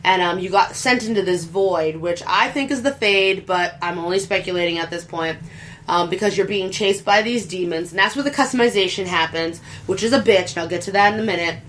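A woman's voice: on the low side, fairly quick, a bit bright, a little hiss or hum. A woman in casual chat about a video game, rambling and chatty with crude humor.

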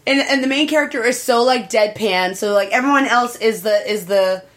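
A woman casually recapping a show in a podcast chat, chatty and lively, acting out the characters' lines in a raised voice. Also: moderate pace. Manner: chatty, lively, acts out quotes in higher voices. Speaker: anime reviewer.

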